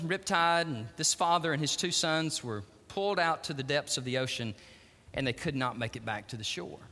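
High, bright-voiced pastor preaching. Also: male voice. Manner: dramatic, emphatic storytelling, swinging between hushed and loud. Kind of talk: sermon. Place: church sanctuary. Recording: long church-hall reverb.

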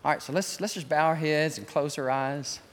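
A man preaching a sermon, acting out voices of sinners and then pleading softly in prayer during the invitation. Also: a little high, normal speed, a little hiss or hum. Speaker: pastor. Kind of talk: sermon with altar call. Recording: church hall reverb.

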